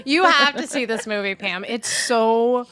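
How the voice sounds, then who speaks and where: A woman's voice: a little high, expressive, unhurried, sharp tone. A woman co-hosting a casual podcast who gushes about a film and acts out its scenes in quoted voices. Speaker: podcast co-host. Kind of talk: casual chat.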